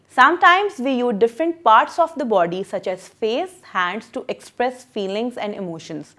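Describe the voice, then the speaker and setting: A woman's voice: a little high, a bit bright. A woman teacher explaining a lesson to children, patient and repeating her questions.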